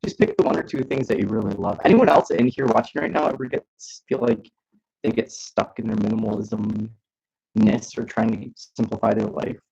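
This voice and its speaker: A young man hosting a casual live stream, chatting and giving friendly advice in a relaxed way. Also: lowish voice, normal speed, gravelly, slightly rough. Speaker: host. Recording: dull lo-fi stream audio.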